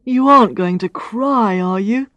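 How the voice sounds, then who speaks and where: A woman's voice: medium pitch, a little slow, a bit bright, no echo, muffled recording, lightly acted. Woman reading as a blunt, teasing man. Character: charming, blunt male gallery owner. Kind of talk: reading a story aloud.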